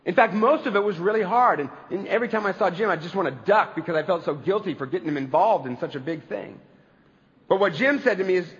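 High-voiced man preaching in a reverberant hall. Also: animated, fast. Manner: earnest storytelling preacher, building to emphatic climaxes. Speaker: pastor. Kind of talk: sermon. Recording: reverberant hall, dull lo-fi sound.

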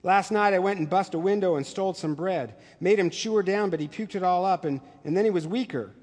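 A man reading as a croaking, starving farm boy. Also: high voice, a little fast, long reverb tail. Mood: desperate. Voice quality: croaking monotone.

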